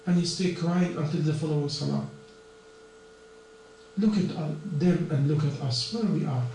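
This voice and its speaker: High-voiced preacher in an echoey hall. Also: male voice, moderate pace, dark tone. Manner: earnest, non-native English with plain grammar slips. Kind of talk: sermon. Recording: echoey distant room recording with mains hum.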